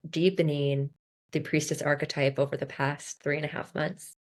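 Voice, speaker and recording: A woman's voice: low voice, steady tone, moderate pace. A woman hosting an interview, asking encouraging questions in a casual way. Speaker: interview host.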